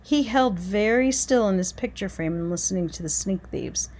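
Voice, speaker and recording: Woman reading a kids chapter book out loud, really expressive, voice swoops around. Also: medium pitch, moderate pace. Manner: expressive, dramatic. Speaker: reader. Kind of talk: storybook read-aloud.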